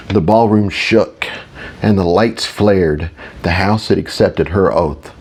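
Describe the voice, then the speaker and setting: A man narrates a fantasy audiobook in the first person. His reading is steady and matter-of-fact, in a fairly low voice. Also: slow.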